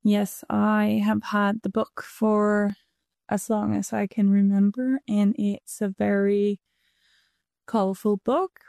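A young woman speaks slowly and thoughtfully, her voice mellow with a gravelly edge. The sound is dry and close. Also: medium pitch, little pitch movement, dry recording. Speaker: donor-conceived daughter.

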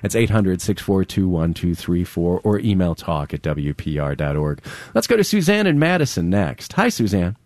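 A man's voice: low-pitched, very animated, moderate pace, darkish tone. A man hosting a live call-in radio talk show, easygoing and conversational with a chuckle. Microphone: studio microphone.

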